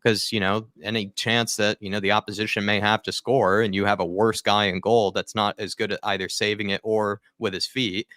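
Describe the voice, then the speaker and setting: A man's voice: fairly low pitch, flat delivery, brisk, hardly any pauses, fairly bright tone, no room sound, studio quality. A man hosting a casual fan podcast, rambling with many fillers over a remote call. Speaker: podcast host.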